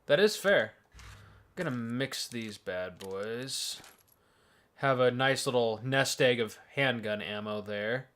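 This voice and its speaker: A man playing a video game on a let's play show, excitable, swearing freely and muttering to himself about his inventory. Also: mid-range voice, takes it slowly. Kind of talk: casual gaming commentary.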